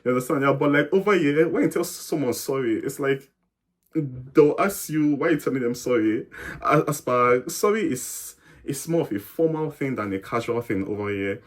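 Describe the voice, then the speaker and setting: A man's voice: medium pitch, lively intonation, normal speed. A young man from Nigeria, chatting as an interview guest, explaining at length with fillers and restarts and acting out little exchanges. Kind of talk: casual interview chat.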